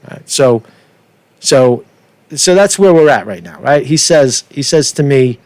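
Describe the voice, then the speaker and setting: A man's voice: mid-range voice, big pitch swings, measured pace, a little mellow, no room sound. A man doing ranting street commentary for his vlog, swearing a lot and tagging nearly every point with "right?". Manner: profane, keeps asking "right?". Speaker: street vlogger.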